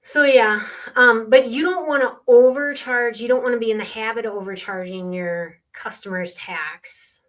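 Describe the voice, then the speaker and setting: A woman's voice: on the high side, normal speed, few pauses, a bit bright. A middle-aged woman, a sales tax consultant, explaining earnestly with client stories in a podcast conversation.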